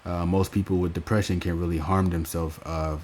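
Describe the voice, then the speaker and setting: A young man giving a casual reaction rant, halting with fillers and restarts and swearing freely. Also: low voice, flat delivery, a little mellow, slight background noise. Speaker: YouTube commentator.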